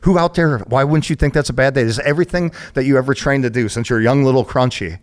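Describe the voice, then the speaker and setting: A retired Marine guest telling profane, animated war stories in casual chat, full of "like" and "right?". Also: male voice, mid-range voice, quick pace. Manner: profane, animated storytelling with lots of fillers. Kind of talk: casual storytelling.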